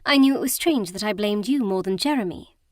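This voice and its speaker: A woman voicing an earnest, emotional young bride in an audiobook, speaking in a halting, heartfelt way. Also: medium pitch, expressive, no echo, studio quality, natural voice. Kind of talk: audiobook character reading.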